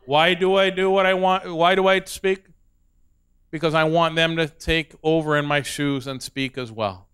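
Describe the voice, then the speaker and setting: Male stand-up comic, slightly high and clear-toned, animated, laughs at his own lines. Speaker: stand-up comedian. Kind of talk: stand-up comedy set.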